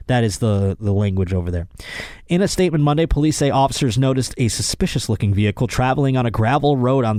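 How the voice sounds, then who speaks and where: A man's voice: medium pitch, darkish tone, dry recording, studio quality. A young man hosting a comedic news podcast, reading odd crime stories and riffing on them with sarcastic, exasperated asides. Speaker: podcast host.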